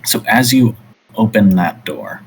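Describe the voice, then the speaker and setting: A man narrating a tabletop game as game master, describing scenes in a halting way. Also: fairly low pitch, big pitch swings, vocal fry, a little hiss or hum, rough recording.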